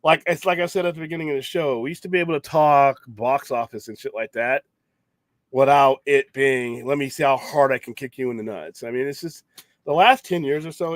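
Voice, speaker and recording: Guy rambling on a late night geek show, swears a bit, keeps restarting, dry close sound, middle pitch. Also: no echo. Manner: rambling, profane, opinionated, many restarts. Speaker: podcast host.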